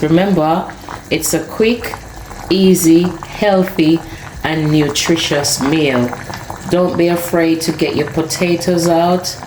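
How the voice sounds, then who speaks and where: A woman chatting to viewers while she cooks in her home kitchen, tasting and savoring the food. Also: deep voice. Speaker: cooking vlogger. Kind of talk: casual cooking vlog talk to viewers. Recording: echoey kitchen with cooking noise. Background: pot boiling.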